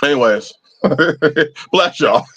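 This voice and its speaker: A man's voice: a little high, lively intonation, drawn-out words, a bit bright, slightly rough, dull audio. A man hosting a live-chat stream, talking casually and preachily, swearing freely as he answers viewers. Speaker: livestream host.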